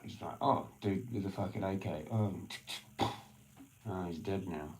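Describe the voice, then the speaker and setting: A man's voice: sits low, unhurried, long pauses, a little hiss or hum, rough recording. Foul-mouthed man ranting. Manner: profane, swings from mumbling to shouting. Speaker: livestreamer. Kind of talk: rambling solo livestream rant.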